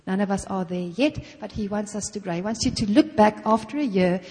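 A woman's voice: medium pitch, lively intonation, fairly quick, darkish tone. A middle-aged woman preaching a sermon in a conversational way, often saying "you know" and acting out little prayers in her own voice. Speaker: guest preacher. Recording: long reverb of a hall.

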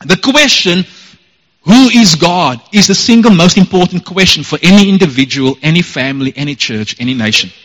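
Male pastor, earnest emphatic sermon delivery, slightly high, echoey church hall. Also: a little fast, hardly any pauses, fairly bright tone. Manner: earnest, emphatic preaching with repeated phrases.

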